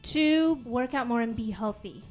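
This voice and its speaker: A woman's voice: on the high side, animated, unhurried, faint music behind. A woman guest giving casual, offhand advice with a joking edge on a podcast.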